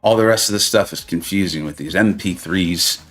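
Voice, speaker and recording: A man's voice: sits low, normal speed, a bit bright, pitched below the performer's own voice. A cranky old man grumbles about newfangled gadgets in a sunken, draggy voice, as a man puts him on mid-stream. He sounds baffled and a little put out. Faint music plays underneath. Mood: grumbling. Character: grumpy old man confused by technology.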